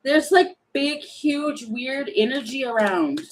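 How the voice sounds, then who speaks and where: A woman with a fairly high voice talks slowly through a tarot spread, musing aloud and laughing now and then. Her delivery is loose and unscripted, with faint noise behind her. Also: poor audio. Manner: chatty, thinking aloud, sings snatches, laughs often. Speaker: tarot reader. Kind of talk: casual tarot reading.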